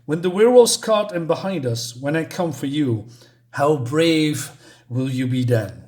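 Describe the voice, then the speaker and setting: A man's voice: on the high side, animated, a little slow, a little mellow. A man reading out the threatening lines of a grim masked male vigilante from a comic, with mild emphasis.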